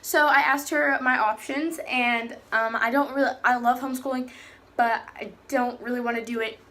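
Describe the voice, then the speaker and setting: Teen girl, faith vlogger, casual rambling chat, slightly high-pitched, self-correcting. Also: fairly even intonation, moderate pace, bright, forceful tone. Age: teens. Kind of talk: casual personal talk.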